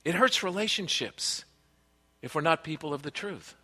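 A man's voice: a little high, expressive, moderate pace, sharp tone, breathy edge. A man preaching a sermon, earnest and conversational, telling personal stories from family life. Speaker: pastor. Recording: long reverb of a large hall.

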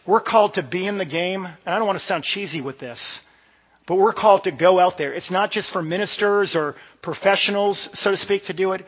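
A man's voice: high-pitched, brisk. A man from the Washington DC area preaching a sermon in a conversational, storytelling way. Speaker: pastor. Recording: dull sound with long hall reverb.

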